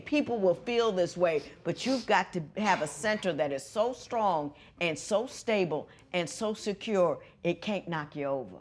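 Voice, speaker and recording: A woman presiding as a judge on a courtroom TV show, lecturing emphatically and swinging from loud to hushed. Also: fairly low pitch, animated, measured pace, few pauses, a loud crowd, heavy background noise.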